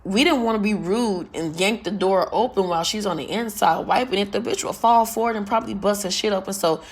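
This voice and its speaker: A woman vlogger telling a story in a loud, carrying voice, blunt and full of profanity. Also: medium pitch, fairly quick, breathy edge. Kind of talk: casual storytelling rant.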